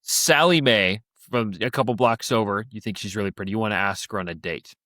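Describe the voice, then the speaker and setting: A man's voice: on the low side, brisk, sharp tone, dry recording, studio quality. A young man co-hosting a podcast, chatting casually and telling stories with acted-out quoted voices. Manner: storytelling, acts out quoted voices. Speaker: podcast co-host. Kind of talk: casual chat.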